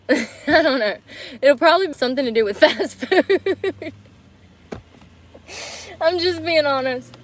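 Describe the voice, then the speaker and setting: A woman's voice: high-pitched, slow, long pauses, a little hiss or hum, low-quality recording. A woman chatting on a livestream around a car, rambling, giggling and cursing, breathless from effort. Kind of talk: casual livestream chat.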